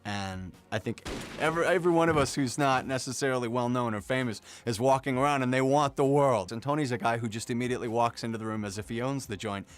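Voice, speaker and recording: A man's voice: mid-range voice, fast talker. A man, a voice actor, reflecting thoughtfully in an interview.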